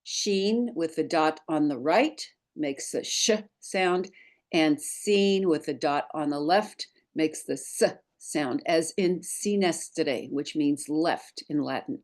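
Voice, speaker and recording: A woman's voice: low voice, takes it slowly, a little mellow. A woman teaching a Hebrew lesson over a screen share, patiently reciting letters one by one for learners to repeat.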